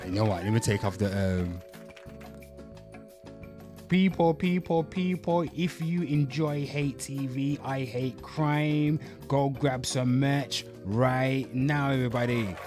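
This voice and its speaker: A man's voice: mid-range voice, a little slow, hardly any pauses, music in the background. A young man hosting his channel in a brash, crude, repetitive way, hyping merchandise and calling out to viewers. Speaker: host. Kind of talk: brash comedic channel talk.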